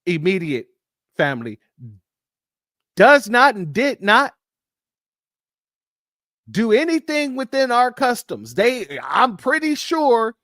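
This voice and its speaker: A man's voice: high voice, a bit bright, no echo. A man delivering an opinionated, lecturing monologue with emphatic stress, recorded close in a dry room. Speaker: commentator.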